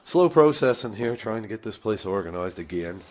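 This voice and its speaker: A man's voice: fairly low pitch, animated, moderate pace, a little mellow, slight background noise. A man vlogging casually in his garage, swearing easily and chuckling as he talks into a handheld phone. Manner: swears casually, laughs often. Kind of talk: casual rambling vlog. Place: home garage. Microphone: phone camera held by hand.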